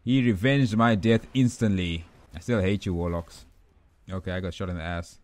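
Young man, gaming commentary, excitable, talks to himself, slightly low pitch. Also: moderate pace. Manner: excitable, rambling trash talk to himself. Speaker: gaming YouTuber. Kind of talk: live gameplay commentary.

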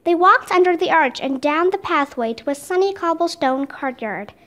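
A woman narrating a children's audiobook in a steady, clear way. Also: very high voice, moderate pace. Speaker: reader.

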